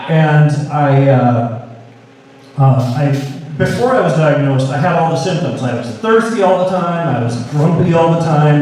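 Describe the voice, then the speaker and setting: A man's voice: a little high, moderate pace, slight background noise. A middle-aged man from Seattle doing a stand-up set, rambling and correcting himself with many fillers, with wry self-mocking humor. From Seattle, US Pacific Northwest. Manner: wry, deadpan self-mockery. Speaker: stand-up comedian. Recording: echoey live room, mic from a distance.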